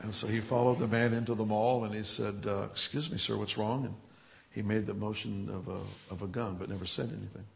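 Church leader, male, gravelly voice, interview storytelling with chuckles, builds to lively energy. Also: on the low side, fairly quick, slight background noise. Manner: storytelling, chuckling, grows animated and loud. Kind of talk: telling healing testimonies in an interview.

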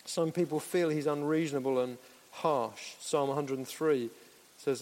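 A man's voice: fairly high pitch, measured pace, darkish tone, slight background noise. A man preaching a sermon in an earnest, conversational way, with playful asides. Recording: echoey hall.

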